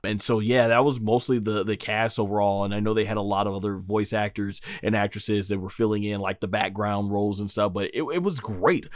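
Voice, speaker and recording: Low-voiced enthusiastic male reviewer. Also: fairly even intonation, fairly quick, hardly any pauses, no room sound, studio quality. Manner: enthusiastic, rambling with many fillers. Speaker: anime review channel host. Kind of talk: casual talking review.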